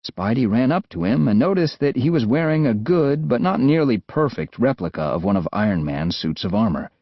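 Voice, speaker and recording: A man with an American accent narrating an adventure audiobook in a lively, expressive way. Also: mid-range voice, brisk, dry recording. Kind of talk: scripted narration. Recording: dull, dry studio sound.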